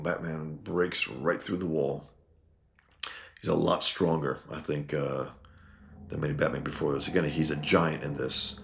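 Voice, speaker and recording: Very deep-voiced gravelly man reviewing comics. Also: steady tone, unhurried, fairly bright tone. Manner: blunt, opinionated, many ums and uhs. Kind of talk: casual video review chat.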